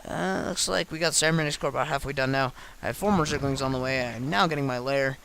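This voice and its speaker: A man's voice: mid-range voice, a bit bright, clear, resonant tone. A tired man who has been up all night, casually talking through his own game replay with lots of ums and restarts. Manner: halting, many ums and restarts.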